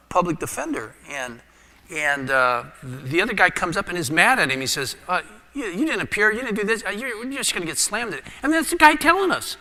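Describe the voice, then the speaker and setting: A middle-aged man preaching a sermon as a pastor, telling a personal story with lively energy and dropping his voice low for prayer. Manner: animated storyteller, drops to a hushed voice for prayer. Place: church sanctuary. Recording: long church reverb.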